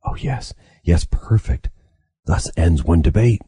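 A man's voice: deep voice, lively intonation, slow pace, dark tone, husky, no room sound, studio quality, exaggerated voice. An author reading aloud, voicing a slight, fussy male leader who is eager to please.

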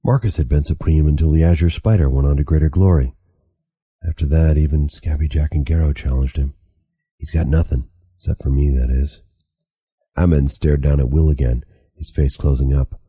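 A man, the author, reading his own novel aloud in a steady, even audiobook narration. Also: a bass voice, normal speed, breathy edge, no room sound.

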